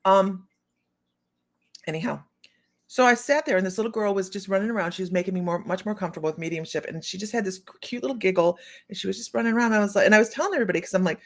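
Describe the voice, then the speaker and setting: A middle-aged woman hosting a psychic livestream, telling a long story in a rambling, casual way with many restarts and quick hellos to viewers. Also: medium pitch. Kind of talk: casual chat.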